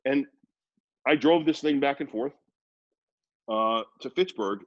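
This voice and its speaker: A man in his fifties from Worcester, Massachusetts, a radio personality telling rambling, animated anecdotes in a casual interview. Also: mid-range voice, slow, dry recording, dull audio. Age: 50s.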